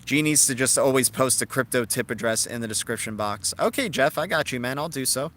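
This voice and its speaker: A man hosts a live stream in a loose, chatty way, answering viewers in the chat as he goes. His voice is bright and sharp, sitting at an ordinary middle pitch. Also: expressive, a little fast. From Cuban heritage. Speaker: crypto livestream host. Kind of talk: casual live-stream commentary.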